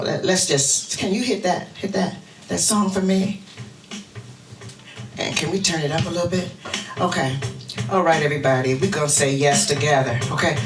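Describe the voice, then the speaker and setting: A woman minister giving an interactive sermon, leading the congregation in chants. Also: low voice. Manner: animated, leads the congregation in call-and-response chants. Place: church sanctuary. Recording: roomy church sound from a distant mic, music behind. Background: music.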